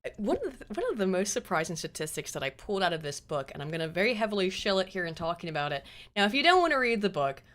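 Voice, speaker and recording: A woman hosting a casual political chat, blunt and quick to swear, laughing now and then. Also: fairly low pitch, very animated, a bit bright. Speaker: host.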